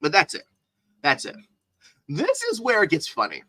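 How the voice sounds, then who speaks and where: Incredulous streamer host with a bright, close, dry voice and frequent laughs. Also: medium pitch, wildly swooping pitch, moderate pace, no room sound, rough recording. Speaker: livestreamer. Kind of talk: livestream reaction commentary.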